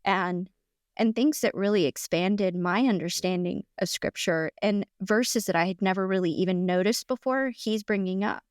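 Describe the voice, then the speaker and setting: Animated middle-aged woman telling a story. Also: medium pitch, moderate pace, clear, resonant tone, no room sound, studio quality. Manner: animated and chatty, many fillers and restarts. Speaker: guest. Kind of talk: casual storytelling in conversation.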